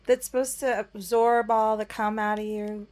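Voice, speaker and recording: High-voiced, crude, teasing young woman. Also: level tone, moderate pace, a little mellow. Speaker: podcast host. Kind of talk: casual chat.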